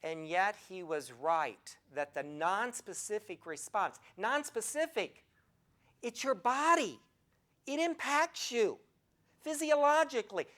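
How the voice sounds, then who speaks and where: Older lady nursing prof, telling stories to a crowd, throws questions at them, mid pitch. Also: slow. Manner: animated storyteller, asks the audience direct questions. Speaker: nursing professor and speaker. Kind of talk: health talk to a live audience.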